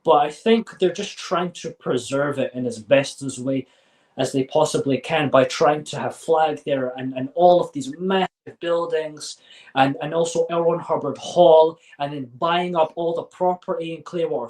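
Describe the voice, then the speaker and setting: A man as an interview guest, talking casually in a halting way with many fillers and restarts, then bursts of quick talk. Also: on the high side, fairly even intonation, darkish tone, poor audio.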